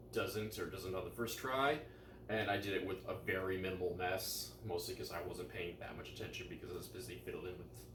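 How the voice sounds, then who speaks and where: Laid-back deep-voiced man in an echoey room. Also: a bit bright, a little hiss or hum. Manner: laid-back, self-deprecating, many fillers. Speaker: cooking vlogger. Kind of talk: casual vlog chat. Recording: echoey room, mic some distance away.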